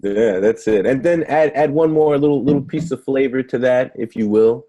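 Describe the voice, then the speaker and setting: A young man with a mellow, warm tone, chatting through an interview. He tells stories loosely, with many restarts and fillers. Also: mid-range voice, moderate pace, muffled recording. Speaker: negotiation trainer, guest. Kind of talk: casual interview storytelling.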